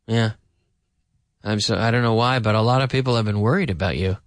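A man teaching an English lesson, repeating phrases slowly and then explaining them. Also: fairly low pitch, no echo, clean studio sound.

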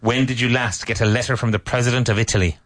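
A male English teacher leads a conversation class. He fires off drill questions, corrects students patiently and praises each right answer, in a voice of ordinary middle pitch. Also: fairly even intonation, fast talker.

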